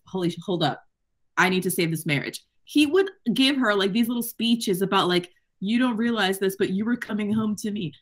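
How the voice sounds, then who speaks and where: Animated, profane woman chatting about books. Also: mid-range voice. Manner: animated, profane, laughs often, acts out quotes. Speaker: podcast co-host. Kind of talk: casual book club chat.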